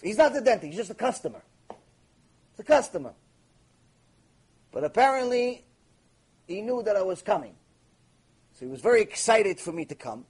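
Husky high-voiced rabbi lecturing. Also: male voice, moderate pace, long pauses. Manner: emphatic, animated anecdote telling with rhetorical questions. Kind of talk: Torah lecture with storytelling.

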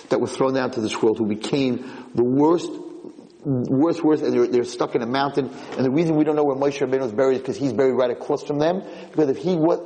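A man teaching a Torah lesson in an excitable, repetitive way, restarting his sentences often. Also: mid-range voice, in a large hall, poor audio.

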